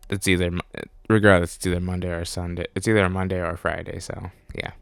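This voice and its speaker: A man's voice: low voice, little pitch movement, quick pace, creaky, clean tone, no echo. A man giving a rambling, self-correcting voice-over commentary on his gameplay, speaking offhand as a gaming channel host. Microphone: desktop mic.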